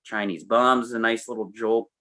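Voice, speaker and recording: A man co-hosting an album review show, chatting enthusiastically about a record with lively swings in his voice. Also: on the low side, moderate pace. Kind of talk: casual opinionated music chat.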